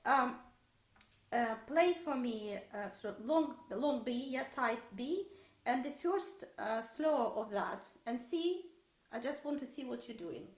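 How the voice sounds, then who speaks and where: A woman's voice: on the high side, animated, slow pace. Woman teacher in a roomy echo. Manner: hesitant with many fillers, sings phrases on da-da syllables. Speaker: violin teacher. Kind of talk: online masterclass instruction.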